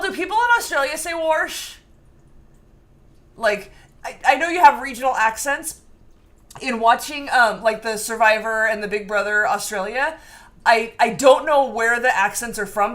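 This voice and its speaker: A woman's voice: a little high, moderate pace, a bit bright. A woman co-hosting a baking live stream, chatting casually and reading viewer comments aloud with lots of restarts.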